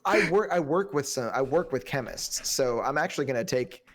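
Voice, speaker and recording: A man's voice: medium pitch, expressive, moderate pace, fairly bright tone. A man co-hosting a casual film review podcast, talking loosely, swearing freely and slipping into mock accents. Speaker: podcast co-host.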